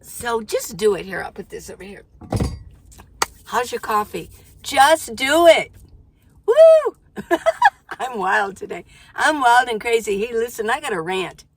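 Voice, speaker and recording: A woman's voice: medium pitch, moderate pace, noisy background. An older woman chats to her viewers from inside her minivan. She is exclamatory and talkative, and she often stops herself partway through a thought to start it again. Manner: chatty, self-interrupting, exclamatory. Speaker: van life vlogger. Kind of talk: casual chat to camera.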